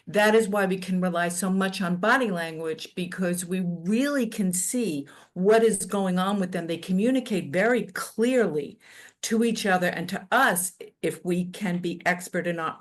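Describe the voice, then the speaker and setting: Female guest from New York, lowish voice, muses aloud in a chatty way. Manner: reflective, chatty, thinks aloud. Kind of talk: casual radio interview.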